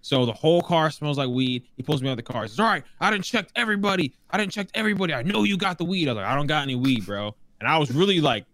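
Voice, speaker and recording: Animated man telling a wild story. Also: on the high side, rapid-fire, few pauses, no room sound. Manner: animated, acts out voices in quotes. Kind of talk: casual storytelling.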